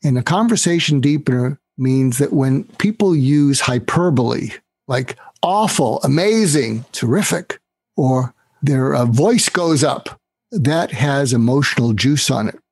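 A man speaking as a guest on an interview show, walking the listener through a sales method in an instructive way. His voice is husky and sits at an ordinary middle pitch. The recording is close and dry. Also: animated, a little slow, darkish tone, no room sound. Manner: instructive, acts out quoted dialogue. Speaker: guest author. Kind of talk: podcast interview, explaining sales technique.

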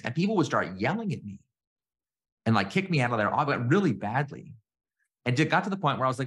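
A man's voice: mid-range voice, fast. A middle-aged man, a guest entrepreneur on a podcast, telling stories in casual conversation and acting out quoted exchanges with a raised voice. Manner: animated storyteller, acts out quoted exchanges in a raised voice.

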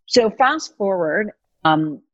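A middle-aged woman in a casual interview, telling animated stories about her career and acting out the voices of people she quotes. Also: medium pitch, takes it slowly, no room sound, dull audio. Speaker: guest, venture capitalist. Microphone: video call mic.

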